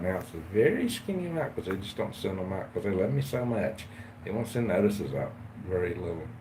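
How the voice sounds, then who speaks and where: A man's voice: fairly low pitch, a little mellow, a little hiss or hum. A man, hosting a casual livestream chat in a rambling, folksy way. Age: 50s. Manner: rambling, folksy, greets viewers and reads chat aloud. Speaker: livestream host.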